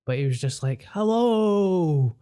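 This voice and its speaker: A man's voice: medium pitch, normal speed, dark tone. A young Glaswegian man co-hosting a podcast, telling rambling stories in casual slang. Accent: Glaswegian Scottish. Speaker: podcast co-host. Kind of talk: casual chat.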